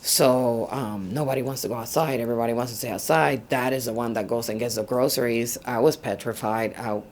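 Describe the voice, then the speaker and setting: A woman's voice: very deep voice, a little fast, darkish tone, slight background noise. A middle-aged woman, telling her story in an oral history interview and switching between Spanish and English.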